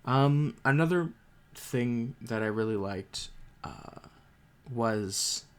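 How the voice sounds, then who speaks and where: A man's voice: medium pitch, expressive, slow, clean tone. A young man giving a casual spoken book review, emotional and rambling, with frequent restarts and fillers.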